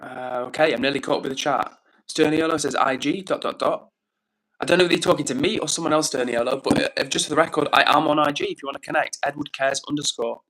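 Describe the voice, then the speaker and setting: An upbeat young man, talking casually on his live stream. His voice sits a little higher than most men's, and he reads out chat messages in a chatty, slang-filled way. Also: steady tone, quick pace, fairly bright tone. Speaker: livestreamer.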